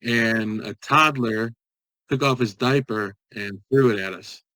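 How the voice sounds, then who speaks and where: A man comedian speaking on a podcast, telling stories and making points in a wry, deadpan way. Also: mid-range voice, unhurried, dry recording. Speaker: comedian guest. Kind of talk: casual chat on a video call.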